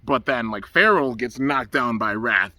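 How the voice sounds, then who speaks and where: A man excitedly reviewing a cartoon episode outdoors under the trees, rambling and enthusiastic and often saying "man". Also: medium pitch, unhurried, no room sound. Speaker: anime reviewer.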